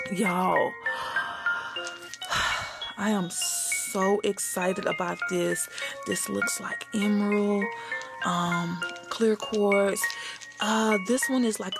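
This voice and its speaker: A woman chatting excitedly to viewers while unboxing a gift box, gushing and calling them y'all. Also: medium pitch, creaky. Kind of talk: casual unboxing chat.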